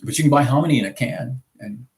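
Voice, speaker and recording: A man's voice: mid-range voice, quick pace, noisy background. A man who grew up in the American South, co-hosting a casual live chat aboard a small sailboat, rambling with lots of fillers and chuckles. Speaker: sailing vlog co-host.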